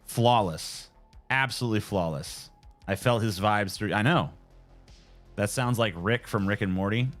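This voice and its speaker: A man's voice: on the low side, unhurried, a bit bright, faint music behind. A man in his twenties chatting casually on a live stream, joking and swearing as he answers viewers. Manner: joking, profane, laid-back.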